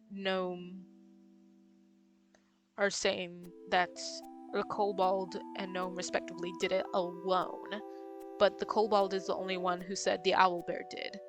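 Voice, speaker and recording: A woman streamer reading game text aloud and thinking out loud, hesitant and full of ums. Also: medium pitch, fairly even intonation, a little slow. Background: game music.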